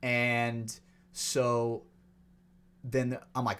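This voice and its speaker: Profane, animated man telling a story. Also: mid-range voice, moderate pace. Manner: animated, profane, acts out quotes. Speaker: podcast co-host. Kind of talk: casual storytelling.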